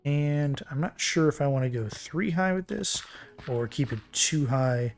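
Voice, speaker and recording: A man streaming a building game, thinking aloud in a relaxed, muttering way as he works. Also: fairly high pitch, unhurried, creaky, soft background music. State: hiccuping. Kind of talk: casual game commentary while building.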